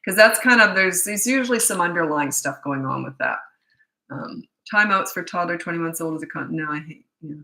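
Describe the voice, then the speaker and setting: A woman's voice: fairly low pitch, expressive, fairly quick, bright, forceful tone, reverberant, poor audio. A middle-aged woman, a parenting coach, answering viewer questions in a blunt, candid and chatty way.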